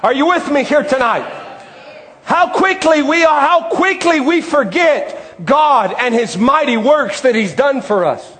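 High-voiced man preaching an impassioned sermon. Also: animated. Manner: impassioned preaching, often shouting, drawn-out emphasis.

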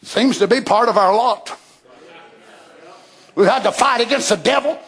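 A man preaching a fiery sermon who swings from shouted climaxes to hushed near-whispers and reads scripture in old-fashioned wording. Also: very high-pitched, normal speed, husky.

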